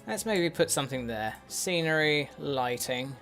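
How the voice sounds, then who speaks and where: A man's voice: a little high, animated, a little slow, a bit bright. A man giving casual game commentary as a let's play host, muttering to himself with wry, sweary asides. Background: faint in-game music.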